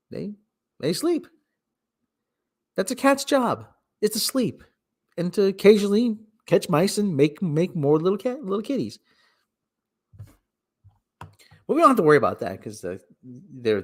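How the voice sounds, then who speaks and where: A man's voice: high voice, very animated, a little slow, long pauses. A man hosting a casual solo livestream, rambling and cutting himself off, with mock radio-announcer asides. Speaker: livestream host.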